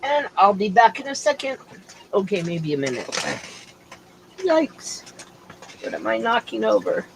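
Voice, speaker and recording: A woman's voice: medium pitch, sing-song, a little fast, vocal fry, a little hiss or hum, poor audio. A middle-aged woman hosting a casual livestream from home, chatting in a rambling way and drifting from topic to topic. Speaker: livestream host. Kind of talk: casual chat.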